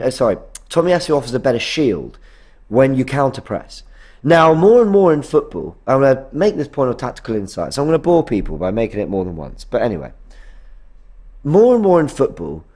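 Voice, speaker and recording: A man's voice: medium pitch, darkish tone. A man hosting a live post-match fan stream, talking in a rambling way, correcting himself and reading out viewer comments. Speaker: fan channel host.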